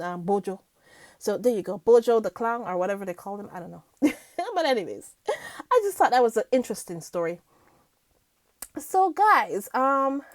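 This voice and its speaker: A woman's voice: a little high, no room sound. A woman vlogger chatting casually to her viewers about the news, giggling often and filling her talk with ums. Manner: chatty, giggly, lots of fillers.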